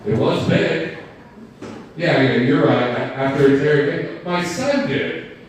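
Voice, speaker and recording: A man's voice: fairly high pitch, unhurried, a little hiss or hum. Rambling stand-up man in a roomy venue. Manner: rambling, self-deprecating banter with the crowd. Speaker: stand-up comedian. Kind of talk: stand-up set. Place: live comedy venue. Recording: roomy, distant live room recording.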